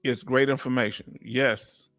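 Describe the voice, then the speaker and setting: A middle-aged man hosting a live chat, reading comments aloud and talking warmly and emotionally in casual vernacular. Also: medium pitch, fairly even intonation, a little slow, dry recording, studio quality, faint music behind. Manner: warm, emotional, talkative, Southern US vernacular. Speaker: livestream host.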